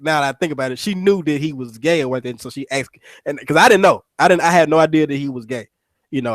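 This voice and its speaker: A man's voice: a little high, no room sound. Rambling profane man with a dry sound. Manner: rambling, profane, many restarts. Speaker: radio show host. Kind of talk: casual storytelling chat.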